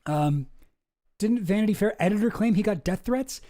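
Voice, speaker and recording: A man's voice: high voice, expressive, moderate pace, warm tone. A man hosting a casual online show, thinking aloud in a hesitant, musing way as he reads through documents. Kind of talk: casual commentary while reading documents.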